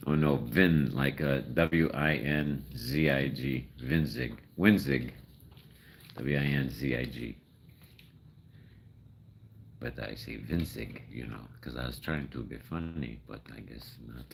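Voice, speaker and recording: An older man talks casually on a livestream and coaxes animals along. His voice is extremely deep and gravelly, and his pace is slow. His pitch still swings freely. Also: slight background noise. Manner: coaxing, self-deprecating, chuckling. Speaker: livestream host feeding raccoons.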